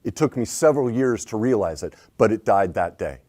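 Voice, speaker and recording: A middle-aged man coaching on relationships, swinging between hushed reflection and loud emphatic points. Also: fairly low pitch, animated, a little fast. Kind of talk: animated advice talk.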